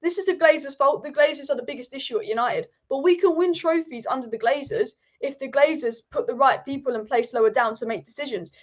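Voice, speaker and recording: Fast-talking passionate woman football host. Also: high-pitched. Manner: passionate, ranting, repetitive. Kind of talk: live-stream fan commentary. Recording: dull lo-fi stream audio.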